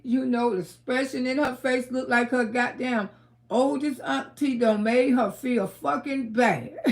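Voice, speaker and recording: A woman hosting a livestream, chatting casually and scolding bluntly with plenty of profanity. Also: a little high. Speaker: livestream host.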